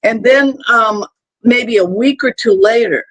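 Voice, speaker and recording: A man's voice: very high-pitched, unhurried, fairly bright tone, dry recording. A man hosting a live stream, telling rambling personal stories in casual chat. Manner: rambling anecdotal storytelling. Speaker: stream host.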